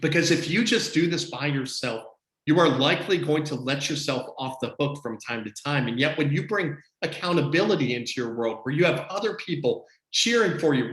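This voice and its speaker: A man coaching his team on a video call, delivering an energetic, motivational talk with emphatic repetition. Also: fairly high pitch, roomy sound, poor audio. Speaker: business coach.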